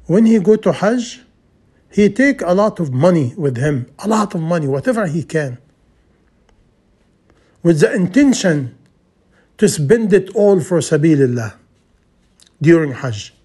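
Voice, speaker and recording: A man tells a sermon story in a husky, somewhat high voice. He speaks earnestly in broken English and often repeats lines for emphasis. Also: sing-song, a little slow, long pauses, warm tone. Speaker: preacher.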